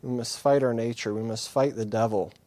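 A male preacher delivers a sermon at a mid-range pitch, earnest and candid. He hammers his points through repetition and breaks them up with wry, self-deprecating asides. The room sounds dry and close, with little reverb. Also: steady tone, fairly quick, darkish tone.

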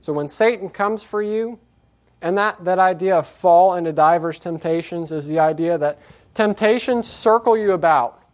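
A man preaching a sermon, moving from quiet reflection to raised, emphatic scripture reading. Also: high voice. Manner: earnest, repetitive exhortation.

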